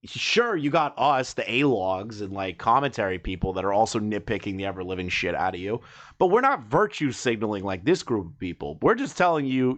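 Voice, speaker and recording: Profane, mocking male reaction streamer. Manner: mocking, profane and rambling, with sudden loud jumps in pitch. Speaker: commentary streamer reacting to a video. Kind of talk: casual reaction commentary.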